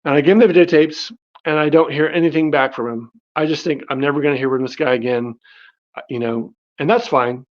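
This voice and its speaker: Man, casual storytelling, fillers and restarts, animated, a bit high, dull lo-fi sound. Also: brisk. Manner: animated, acts out quoted dialogue in his own voice. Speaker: guest telling his life story.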